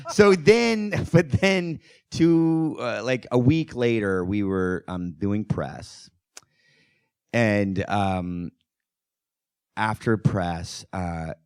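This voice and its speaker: A man, a film director, telling anecdotes in an animated, laughing way as a guest at a Q&A. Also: low-pitched, dry recording, clean studio sound. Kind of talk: anecdotal storytelling at a Q&A.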